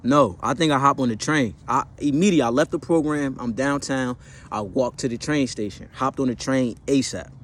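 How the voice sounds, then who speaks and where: A man's voice: medium pitch, brisk, a little hiss or hum. Slangy young man telling a story. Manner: slangy, profane, rambling with fillers and self-corrections. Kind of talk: casual personal storytelling.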